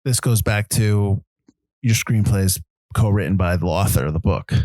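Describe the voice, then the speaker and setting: A man's voice: low voice, normal speed, darkish tone, no room sound. A man co-hosting a film podcast, talking in a loose, hedging way with many fillers and restarts. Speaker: podcast co-host. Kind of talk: casual film discussion.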